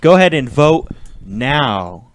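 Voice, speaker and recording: A man's voice: medium pitch, very animated, slow, dry recording. A man in a comedy troupe, brainstorming improv on a livestream and laughing often as he acts out lines. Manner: laughs often, plays out scene lines aloud.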